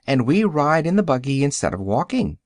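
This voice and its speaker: A man's voice: on the high side, very animated, a little fast, dry recording, studio quality. A man voicing a sensible, plain-spoken young girl in a matter-of-fact way.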